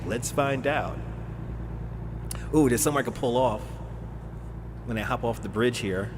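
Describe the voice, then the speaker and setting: A man's voice: mid-range voice, animated, moderate pace, pauses often, noisy background. A man in his forties chatting casually on a live stream while he drives in a truck simulator, laughing often and answering his chat. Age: 40s. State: drinking beer while streaming.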